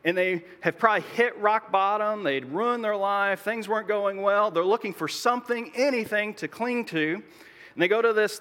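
Preaching in a large hall with long reverb, this man pastor explains his points conversationally and slips in jokes along the way. His voice is high-pitched, bright and forceful.

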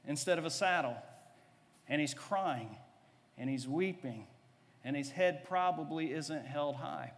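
High-voiced pastor in echoing hall. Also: male voice. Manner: storytelling, humorous, swings between hushed and rising. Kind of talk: sermon.

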